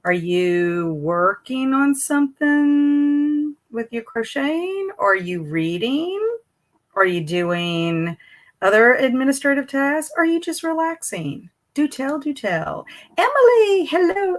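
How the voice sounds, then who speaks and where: A woman hosting a casual reading live stream from home, greeting viewers and reading chat messages aloud in a chatty, rambling way. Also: fairly high pitch.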